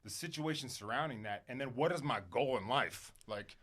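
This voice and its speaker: A man speaking candidly as a podcast guest, emphatic and animated at times, then quiet and reflective, swearing casually and using plenty of fillers. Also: medium pitch, moderate pace. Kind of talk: candid conversational interview.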